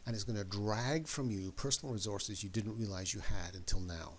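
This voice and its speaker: A motivational speaker gives an emphatic talk, repeating words and questions for effect. His voice is fairly low and a little fast, and there's a bit of hiss or hum in the recording.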